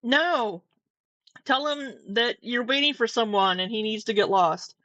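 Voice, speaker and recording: A woman's voice: fairly high pitch, a little slow, sharp tone, no room sound. A woman giving blunt, sarcastic reaction commentary on a video, cursing freely.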